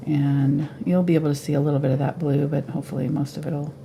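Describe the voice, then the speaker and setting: A woman giving a live painting tutorial at home, relaxed and thinking aloud as she paints. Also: deep voice, quick pace, creaky, a little hiss or hum. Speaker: painting instructor.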